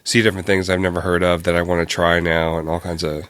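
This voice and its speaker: Podcast co-host, man, relaxed earnest chat, slightly low voice. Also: fast, no room sound. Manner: earnest, enthusiastic, easygoing. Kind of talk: casual chat.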